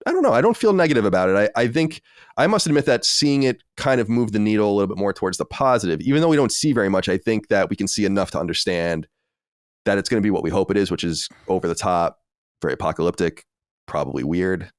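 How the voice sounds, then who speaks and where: Fast-talking low-voiced man, podcast co-host. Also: lively intonation, dry recording, studio quality. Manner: quick, opinionated, restarts often. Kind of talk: casual chat.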